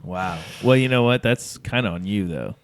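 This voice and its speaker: A man's voice: fairly low pitch, moderate pace. A man co-hosting a casual podcast, making dry, wry jokes. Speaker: podcast co-host. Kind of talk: casual chat.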